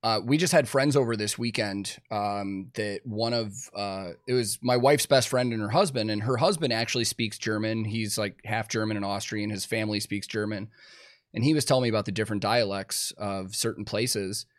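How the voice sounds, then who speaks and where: A man from Chicago hosting a podcast, chatting in a relaxed way with plenty of fillers. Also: fairly low pitch, normal speed. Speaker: podcast host. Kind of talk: casual podcast chat.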